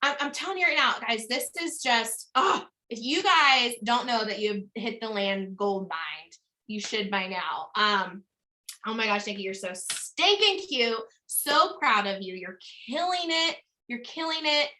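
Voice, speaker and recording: A woman's voice: on the high side, animated, a little slow, pushed and bright. A woman hosting a recognition event on a video call, gushing and effusive in casual chat. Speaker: host.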